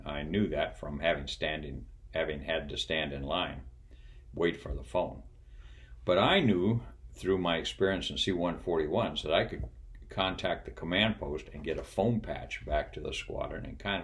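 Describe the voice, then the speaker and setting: A retired pilot and flight instructor, an older man whose voice is extremely deep and low, tells casual stories about his flying days. He speaks in a folksy, unhurried way, with plenty of pauses and small chuckles.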